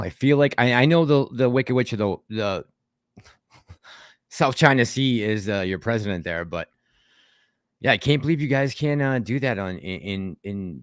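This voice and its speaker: A man's voice: lowish voice, dry recording, clean studio sound. A man hosting a casual livestream, chatting with a co-host and reading viewer comments aloud in a rambling way. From Boston. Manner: chatty, rambling, laughs often.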